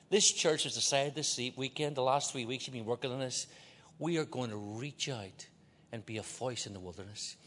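An older man from Northern Ireland with a Belfast accent, preaching a sermon as a visiting preacher. He swings from loud exhortation to hushed confession, with joking asides. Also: mid-range voice. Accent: Northern Irish, Belfast. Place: large church auditorium. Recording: long hall reverb in a big church.

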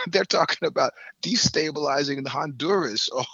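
A man's voice: a little high, expressive, moderate pace, gravelly, bright, forceful tone, slightly rough, dry recording, highs cut off. A middle-aged man from the United States in casual chat, rambling through stories with swearing and laughter. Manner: rambling, profane, laughs between points. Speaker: podcast guest.

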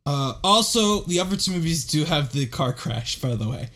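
A man co-hosting a casual film podcast, animated and laughing often with quick asides. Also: a little high. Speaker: podcast co-host. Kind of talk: casual chat.

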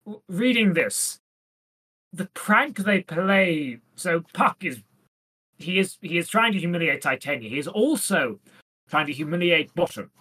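A woman co-hosting a casual comedy podcast, talking in a deadpan, playful way and slipping into silly voices. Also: on the low side, a little slow, husky. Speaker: podcast co-host. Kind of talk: casual comedic chat about Shakespeare.

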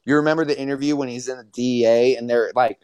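A young man hosting a casual podcast, talking in an animated, profane way and repeating himself. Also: medium pitch, quick pace, clean tone, no room sound. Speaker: podcast host.

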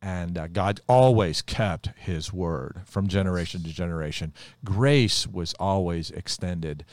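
A man co-hosting a casual Bible chat, chiming in calmly with short remarks. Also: low voice, measured pace, no room sound, studio quality. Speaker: Bible teacher co-host.

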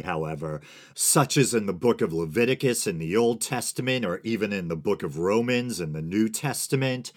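A man in his forties from the United States hosting a solo podcast, talking in a wry, digressive way and chuckling at his own asides. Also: low voice. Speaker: podcast host.

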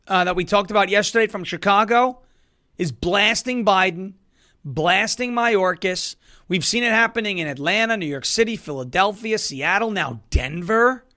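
A man's voice: sits high, sharp tone. A male host of a political commentary show, talking in a sarcastic, joking way.

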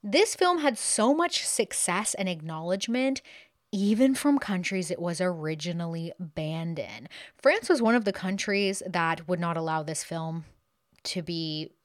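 A woman hosting a podcast in a chatty, animated way, acting out little quotes as she talks. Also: on the low side, measured pace, dry recording, studio quality. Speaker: podcast host. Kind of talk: casual podcast talk.

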